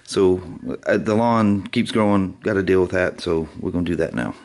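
A man vlogging casually about his day outdoors, rambling and laughing often as he gets excited. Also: deep voice, normal speed. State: out of breath. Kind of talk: casual vlog talk. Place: outdoors, yard and on a motorcycle. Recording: clear outdoor noise, vehicle sounds.

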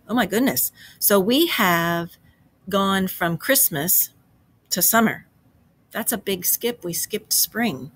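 A woman teacher reading a storybook aloud to a class, expressive, with chatty asides. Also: mid-range voice, slow.

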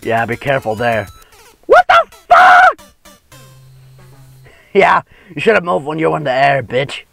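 Male gaming commentator, gravelly, bright, crude trash-talker. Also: medium pitch, lively intonation, fairly quick, dry recording, faint music behind. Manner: crude trash-talking, swears and yells. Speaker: gamer co-host. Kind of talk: gameplay commentary.

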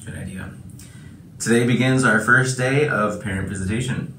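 A man's voice: fairly low pitch, normal speed, bright, forceful tone, echoey room, a little hiss or hum. A man reading school morning announcements in an upbeat way.

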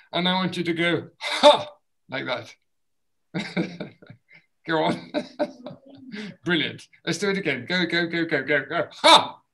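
A man leading a group voice exercise session over a video call, encouraging and demonstrating sounds with loud bursts. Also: fairly high pitch, poor audio. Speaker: voice and movement workshop leader.

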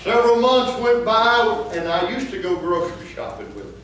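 High-voiced preacher in an echoey church. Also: male voice, animated, moderate pace, distant mic, noisy background. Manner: humorous storytelling that rises into emphatic preaching. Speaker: pastor. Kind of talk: sermon. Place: church sanctuary.

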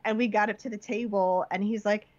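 A woman guest on a casual podcast, telling an animated story and acting out the quotes. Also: fairly quick. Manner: animated storyteller, acts out quotes with high pitch jumps. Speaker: guest filmmaker. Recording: slightly dull lo-fi podcast audio.

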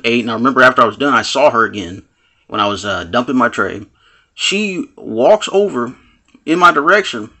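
A man's voice: medium pitch, vocal fry, pushed and bright. A man telling a personal story to camera in a rambling, casual way, filling his talk with "you know what I'm saying" and acting out quoted lines. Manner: acts out quoted lines with swearing.

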